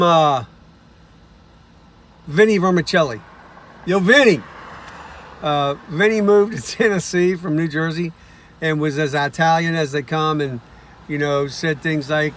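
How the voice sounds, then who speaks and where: A man, a songwriter, telling stories in a relaxed, folksy way and acting out the voices of the people in them. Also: on the high side, slight background noise. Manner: folksy, acts out quoted voices. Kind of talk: casual storytelling monologue.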